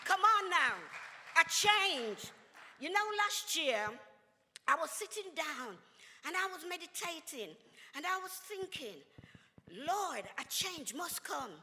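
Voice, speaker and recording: An older woman, a reverend, speaks with a high, bright voice and a preacher's emphatic cadence. Her words ring out with a long reverb, as if from a large hall. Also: very animated, unhurried, some chatter behind, slight background noise. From England. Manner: emphatic, preacherly, with exclamations and laughter. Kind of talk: impassioned speech at a community event.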